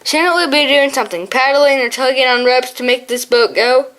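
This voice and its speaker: A woman's voice: sits high, normal speed, fairly bright tone. A woman voicing a hungry, talkative young male hare with a posh, exclaiming manner, in an audiobook. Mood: chatty.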